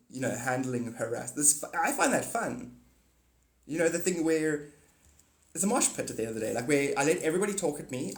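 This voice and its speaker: A man's voice: on the high side, echoey room. A man hosting a casual livestream, talking to viewers in a rambling, blunt and profane way. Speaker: livestream host.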